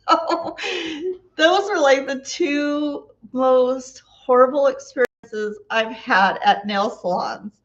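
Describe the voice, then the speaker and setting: A woman's voice: high voice, muffled recording. Chatty woman telling funny stories. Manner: chatty, laughs often, acts out quoted dialogue. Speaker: vlogger. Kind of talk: casual storytelling.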